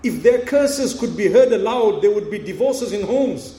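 A man preaching a sermon, telling a story and acting out the dialogue in an animated way. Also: sits high, moderate pace, echoey room.

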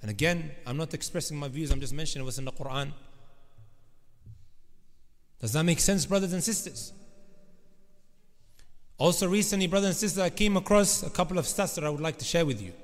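A man's voice: fairly high pitch, fairly quick, long pauses. A man preaching a sermon, emphatic and often turning to address the congregation directly. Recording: long reverb of a large hall.

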